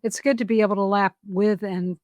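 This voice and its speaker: A woman's voice: medium pitch, fairly quick, no echo. Middle-aged woman, podcast co-host; candid storyteller, dry recording. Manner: open, confessional storytelling with lively re-enacted quotes. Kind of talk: candid casual chat.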